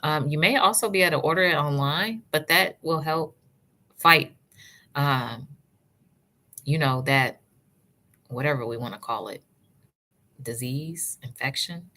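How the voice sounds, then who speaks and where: Low-voiced woman chatting on a livestream. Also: a little slow, long pauses. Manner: warm, chatty, answers live chat by name, calls viewers sis and love; encouraging, advice-giving. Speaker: natural hair vlogger. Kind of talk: casual livestream chat.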